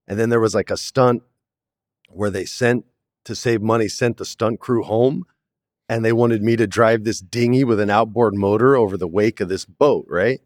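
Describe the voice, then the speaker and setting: Man, 40s, low voice, chatty and animated storyteller, dry studio sound. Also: normal speed, no room sound. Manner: animated storyteller, acts out quotes, says "man" often. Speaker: actor, interview guest. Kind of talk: casual storytelling interview. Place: studio, in person.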